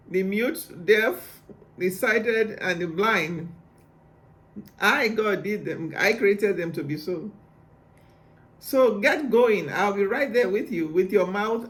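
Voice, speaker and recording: Emphatic, commanding God read plainly by a man, high voice, storybook Bible reading. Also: slow pace, a bit bright. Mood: insistent. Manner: emphatic, rhetorical questions. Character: God, commanding and patient divine male voice.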